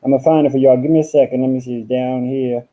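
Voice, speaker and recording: Streaming casually from home, a man talks fast in a sassy, foul-mouthed style, calling his audience "honey" and "girl." His voice is mid-range with fairly even intonation, and the sound is lo-fi.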